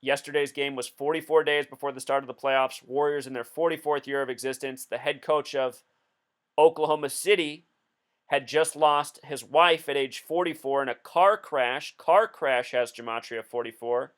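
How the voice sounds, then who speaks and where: Smooth-voiced man, insistent explainer. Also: medium pitch, steady tone, moderate pace, a bit bright. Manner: insistent, explanatory, counting through numbers. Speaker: video host. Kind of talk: casual commentary.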